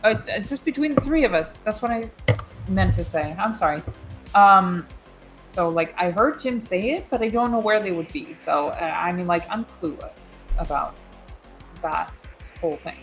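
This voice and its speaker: A woman's voice: on the low side, a little slow, music in the background. A woman player in a tabletop role-play, talking in a flustered, stammering way.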